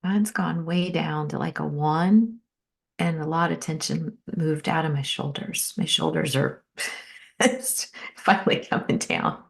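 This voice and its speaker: A woman's voice: deep voice, fairly even intonation, unhurried, creaky. A woman taking part in a webinar, chatting casually about how she feels. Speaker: webinar participant. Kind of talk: casual chat.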